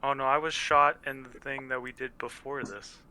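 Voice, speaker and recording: A man's voice: mid-range voice, steady tone, normal speed, bright, forceful tone. A man talking as a player in a tabletop game, jokingly speaking as his character. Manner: jokey, playing his character in first person. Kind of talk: casual tabletop play.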